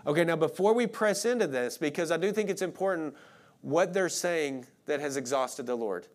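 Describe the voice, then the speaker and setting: A male pastor from with a drawl preaches in a relaxed, conversational way. He speaks bluntly and fills his sentences with "like". His voice sits a little higher than most men's. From Arkansas. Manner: casual, blunt, frequent "like" fillers. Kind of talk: conversational sermon.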